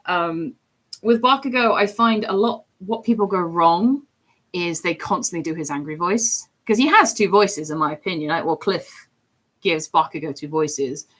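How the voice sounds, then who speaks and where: A woman with a slightly low voice chats through a casual stream. She rambles from one thought to the next and keeps slipping into quick put-on voices. She sounds like a working voice actor talking shop. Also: fairly bright tone. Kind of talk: casual chat while drawing on stream.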